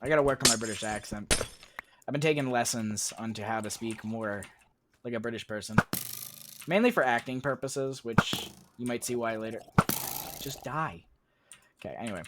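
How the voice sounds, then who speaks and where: A young man talks loosely through a gaming stream, drifting from one random tangent to the next. His tone is casual and self-mocking, at a middling pitch. Loud game sounds run underneath his voice. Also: normal speed, long pauses. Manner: rambling, tangent-prone, self-deprecating. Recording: loud game noise behind voice.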